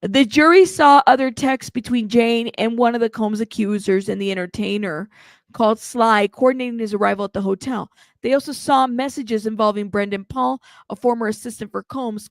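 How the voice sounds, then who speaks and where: A woman's voice: fairly high pitch, moderate pace, no echo, clean studio sound. A young woman hosting live news commentary, reading court updates aloud and reacting with laughs and asides. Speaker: host reading trial updates.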